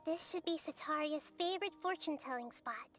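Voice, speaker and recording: Nahida, calm little goddess. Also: female voice, high voice, a little fast, faint music behind. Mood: earnest. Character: small young girl goddess, calm and wise.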